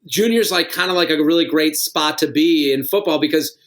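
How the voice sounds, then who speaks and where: A man's voice: fairly high pitch, a little fast. A middle-aged man, a comedian guest on a podcast, telling rambling stories with frequent laughs and swearing. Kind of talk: casual podcast storytelling.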